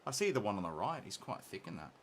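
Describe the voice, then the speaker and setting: Playful New man, lively low voice. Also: fast talker, slight background noise. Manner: playful, teasing, self-mocking. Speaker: stream host painting miniatures. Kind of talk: casual joking chat. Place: hobby shop office.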